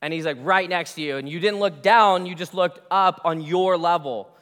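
A man's voice: sits high, normal speed, a bit bright, clear, resonant tone. A male pastor preaching a sermon in a conversational, storytelling way, often restarting his phrases. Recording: long reverb of a large hall.

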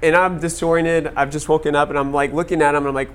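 A man telling a story to an audience in a casual, animated way, full of "like" fillers. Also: on the high side, fast. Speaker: speaker addressing an audience. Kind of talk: storytelling talk to a live audience.

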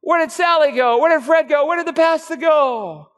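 A man's voice: extremely high pitch, a bit bright, voice pushed up. A preacher acting out a bewildered churchgoer wandering an emptied church. He fires off frantic questions in a strained, raised voice that rings through a big reverberant hall. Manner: frantic rapid-fire questions. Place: church sanctuary.

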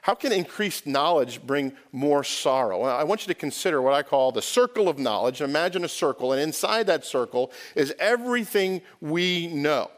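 A man's voice: on the high side, expressive, moderate pace, hardly any pauses. A man from the United States preaching a sermon to his church, conversational, often asking the congregation questions and restarting phrases. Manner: conversational, self-correcting, asks the congregation questions. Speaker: pastor. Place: church sanctuary.

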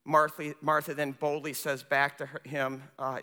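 A male pastor preaching a sermon with passion, swinging between loud emphasis and hushed, quiet moments. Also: a little high, little pitch movement, moderate pace, few pauses. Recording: long church reverb.

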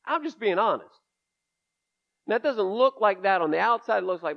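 A man's voice: high voice, expressive, moderate pace, gravelly. A man preaching a conversational sermon in a church, folksy and candid with emphatic asides. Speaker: pastor. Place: church sanctuary. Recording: dull lo-fi sermon recording.

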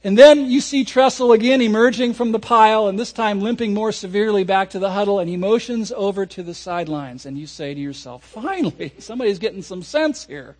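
A man preaching a sermon as a pastor, telling a lively story and acting out people's reactions. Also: high voice, fairly quick, few pauses. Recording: audio recording of a sermon.

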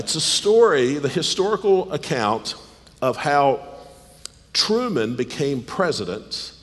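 A slightly hoarse man preaching a sermon, rising to high, emphatic stresses and dropping low and quiet. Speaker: pastor. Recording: long hall reverb.

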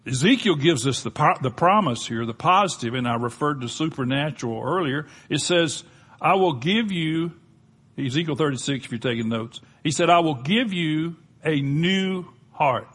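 A man's voice: on the high side, expressive, normal speed, fairly bright tone, breathy edge. An older man with a Southern US accent preaching a sermon, folksy and conversational, with touches of humor. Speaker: pastor.

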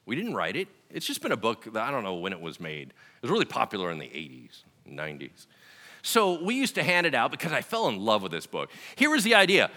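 A man preaching a sermon as pastor, lively and conversational, acting out other people's voices and then dropping to a quieter, gentler delivery. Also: fairly low pitch, fairly quick. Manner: animated, acts out voices of God and listeners; drops to a quieter, softer delivery when reassuring. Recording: long hall reverb.

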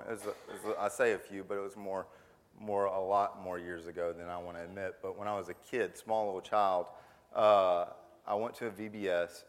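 A man's voice: lowish voice, fairly bright tone. A man giving a camp sermon that guides listeners through an imagined scene, talking hesitantly and repeating words. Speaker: camp speaker. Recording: long hall reverb.

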